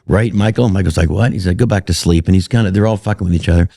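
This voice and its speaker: A middle-aged man, a comedian guest, telling animated, profane stories with laughs in casual chat. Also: low voice, very fast, creaky, no room sound, studio quality. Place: live show venue.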